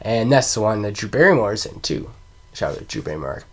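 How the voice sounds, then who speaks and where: A man's voice: lowish voice, very animated, fairly quick. Rambling, profane young man reviewing movies. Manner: profane, rambling, laughs a lot, trails off forgetting names. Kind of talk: casual, rambling movie countdown.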